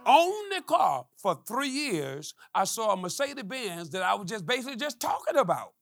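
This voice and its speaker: Middle-aged male preacher, storytelling testimony with shouted peaks, raspy and dry. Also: high-pitched, very animated, moderate pace, dry recording. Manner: call-and-response preaching, climbing to shouts; storytelling with quoted dialogue. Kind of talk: testimony sermon.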